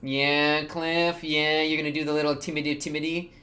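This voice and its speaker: Excitable young man reacting to anime. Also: fairly high pitch, fairly quick. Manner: excitable, laughs often, talks to the characters on screen. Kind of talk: casual reaction commentary.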